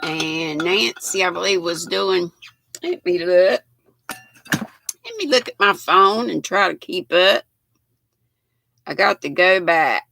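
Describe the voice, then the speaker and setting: An older woman with a Southern US accent, a little hoarse, hosting a chatty live stream and reading out viewer comments. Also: lowish voice, animated, takes it slowly, pauses often, sharp tone, slight background noise. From United States. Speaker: host.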